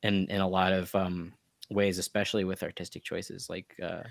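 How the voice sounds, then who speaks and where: A man with a lowish voice chats loosely on a podcast panel. He hedges and circles back with many fillers. His voice sits close and dry on the mic. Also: level tone, normal speed, gravelly, no echo. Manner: rambling, hedging with many fillers. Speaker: podcast co-host. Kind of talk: casual chat about anime.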